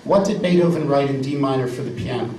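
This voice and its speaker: A man's voice: medium pitch, animated, fast talker. Emphatic man lecturing in a roomy hall. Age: 50s. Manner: emphatic, repeats words for effect, jokey asides. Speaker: lecturer and pianist. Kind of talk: live music lecture with piano examples. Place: salon lecture room indoors. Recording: roomy, distant live recording with piano.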